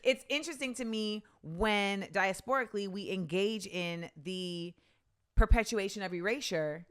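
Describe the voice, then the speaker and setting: A woman from the United States hosting a casual podcast interview, emphatic and quick to laugh, asking pointed follow-up questions. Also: medium pitch, smooth. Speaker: podcast host.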